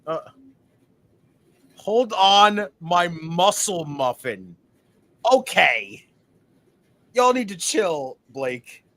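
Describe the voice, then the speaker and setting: A man co-hosting a wrestling watch-along, reacting casually with frequent swearing and sudden loud outbursts. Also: high-pitched, sing-song, drawn-out words, long pauses.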